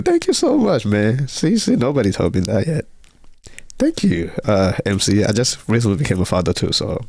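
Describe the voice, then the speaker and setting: A young man with a fairly low voice hosts a casual livestream. He rambles, stumbles over repeated words and reacts to the chat as he goes. The sound is close and dry. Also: dry recording. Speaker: livestream host.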